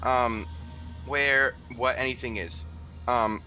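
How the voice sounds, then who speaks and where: A man's voice: medium pitch, steady tone, slow pace, sharp tone, soft background music, low-quality recording. A man voicing a nervous, curious male rat who rambles and stammers. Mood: flustered.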